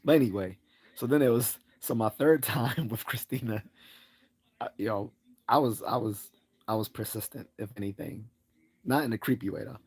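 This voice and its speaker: Slightly rough and a little mellow, this male streamer's voice moves at a moderate pace. He spins a loose, casual story from his own life, laughing frequently and voicing quoted lines in a higher register.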